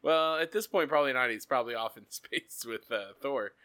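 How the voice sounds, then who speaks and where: A man's voice: medium pitch, a little fast, sharp tone. A man co-hosting a podcast, riffing in a casual chat with swearing and mock outrage. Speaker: podcast co-host.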